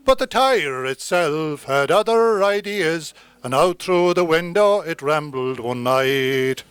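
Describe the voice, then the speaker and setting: A high-pitched man declaiming a rhyming ballad at an unhurried pace. His diction is crisp and precise, and he gives every line weight. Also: expressive, fairly bright tone, no room sound. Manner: measured, declamatory verse. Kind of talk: recited comic ballad.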